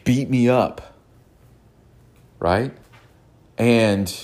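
A man speaks in a casual personal monologue with a low voice. He is earnest and rambling, and he often repeats words and starts sentences over. He turns lively at times and jumps high in pitch when he imitates someone. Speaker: mental health podcast host.

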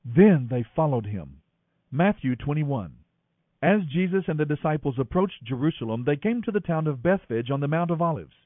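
A man reading scripture aloud in an expressive, animated way. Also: on the high side, normal speed, no room sound. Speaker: scripture reader. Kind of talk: scripted narration. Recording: dry, thin phone-like audio.

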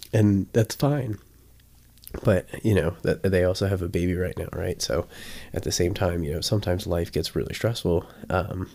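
Male dog trainer, deep and gravelly, easygoing teaching style with lively acted-out examples. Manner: chatty, often checks in with "right?"; acts out examples with sudden bursts. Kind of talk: casual teaching talk.

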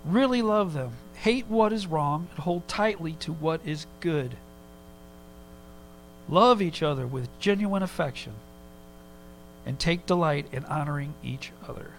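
Guy preaching, kinda high voice, loose storytelling sermon, little mains hum behind. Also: expressive, poor audio. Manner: conversational storytelling with quick asides. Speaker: pastor.

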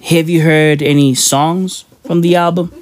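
A woman's voice: deep voice, steady tone, measured pace, darkish tone. Profane, slangy woman ranting. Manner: profane, slangy, emphatic, mocking. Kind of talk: casual ranting chat.

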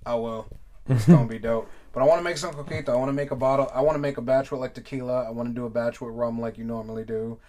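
A man's voice: mid-range voice, quick pace. A young adult man co-hosting a casual podcast, telling stories with loose slang and swearing and acting out what people said. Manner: animated storyteller, loose slangy swearing, acts out quotes. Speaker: podcast co-host. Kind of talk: casual chat.

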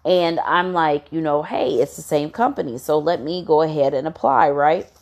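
Low-voiced woman ranting casually. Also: lively intonation, normal speed, a little mellow. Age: adult with a daughter. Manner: blunt, swears freely, heavy fillers. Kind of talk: casual storytime rant.

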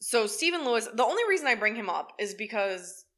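A woman with a bright, forward voice tells a true-crime story in relaxed podcast chat. She keeps the talk wry and salty and swears freely. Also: a little high, fairly quick. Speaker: podcast co-host.

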